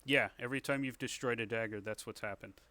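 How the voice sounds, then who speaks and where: A man narrating as game master of a tabletop game, descriptive and measured with fillers. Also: mid-range voice, steady tone, pushed and bright, no echo.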